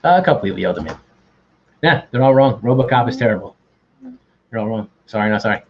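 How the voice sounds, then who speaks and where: A man's voice: lowish voice, animated, fast talker, muffled recording, a little hiss or hum. A man hosting an online quiz, bantering casually and teasing himself. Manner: joking, self-deprecating banter. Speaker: quiz host.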